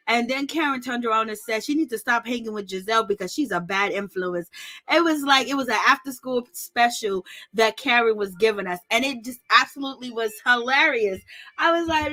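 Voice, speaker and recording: This is a woman doing a casual, gossipy recap of a reality show. Her voice sits a little high and has a bright, punchy edge. She talks sassily and breaks into laughter often. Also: moderate pace. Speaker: reality TV commentator.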